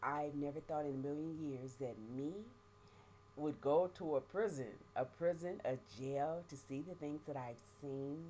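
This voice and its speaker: A middle-aged woman giving a halting, emotional personal testimony, often repeating words and speaking of her faith. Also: low-pitched, steady tone, warm tone, a little hiss or hum. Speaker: vlogger sharing life after prison.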